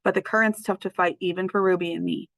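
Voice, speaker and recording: A woman reading the lines of a gentle male gorilla in a storybook, slow and deliberate. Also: fairly low pitch, steady tone, gravelly, no room sound. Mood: calm.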